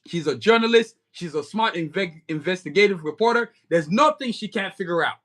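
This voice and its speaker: Guy on a livestream, american accent going a bit nigerian, high bright voice, chatty and slangy. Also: expressive, a little fast. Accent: American with a Nigerian touch. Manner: slangy, rambling, keeps saying "you know what I'm saying". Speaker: livestream host and comic creator. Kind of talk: casual livestream chat.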